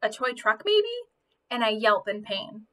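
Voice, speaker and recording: A woman reading a children's novel aloud, telling it in an expressive first-person voice. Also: on the high side, unhurried. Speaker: audiobook reader.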